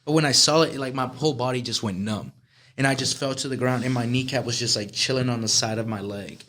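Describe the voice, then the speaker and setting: A man's voice: mid-range voice, fast talker. A young man guesting on a podcast, telling an injury story in casual, swearing chat. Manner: animated, swearing, laughs while telling.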